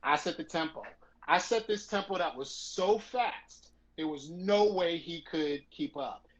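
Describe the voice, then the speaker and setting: A middle-aged man from New York telling a story as a podcast guest, animated and profane, acting out the scenes he describes. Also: fairly high pitch, unhurried. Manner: profane, acts out scenes with quoted voices. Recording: slightly muffled lo-fi audio.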